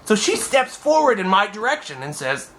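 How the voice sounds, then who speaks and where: A young man telling a comic personal anecdote in an animated, exaggerated way. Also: high-pitched, moderate pace, a little hiss or hum. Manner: animated, exaggerated, acts out voices. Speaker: storyteller.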